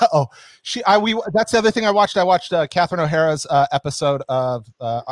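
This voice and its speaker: A man with a slightly higher voice chats casually as a podcast co-host. He rambles and restarts his sentences often. The sound is dry and close to the mic. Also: brisk, dry recording. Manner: rambling, many restarts and fillers. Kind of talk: casual chat.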